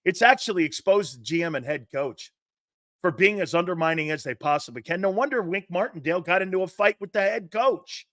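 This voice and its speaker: A man's voice: high-pitched, lively intonation, fairly quick, fairly bright tone, no echo, studio quality. A man hosting a sports talk show, giving brash, mocking opinions and laughing often.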